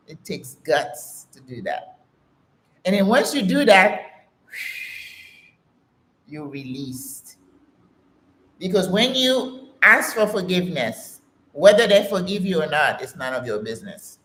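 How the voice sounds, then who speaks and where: A woman's voice: lowish voice, very animated, takes it slowly, long pauses, a bit bright. A woman in her sixties talks straight to camera, emphatic and a bit preachy, calling her listeners sis. Her voice rings out in a roomy, echoey space. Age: 60s. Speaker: channel host. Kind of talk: casual motivational talk to camera.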